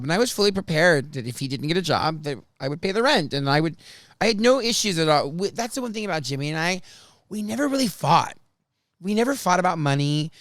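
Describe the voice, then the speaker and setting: A man hosting a podcast, telling stories from his life in a chatty, animated way. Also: on the high side, no echo, studio quality. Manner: chatty, animated, restarts and laughs often. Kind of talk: casual storytelling chat.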